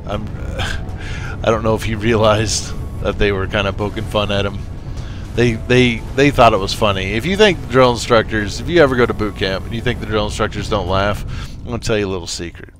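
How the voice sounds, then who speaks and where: A man casually commenting on his gameplay, rambling into stories with many fillers and restarts, and talking straight to the viewers. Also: on the low side. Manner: coaching and encouraging, speaks straight to viewers. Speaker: let's play gamer.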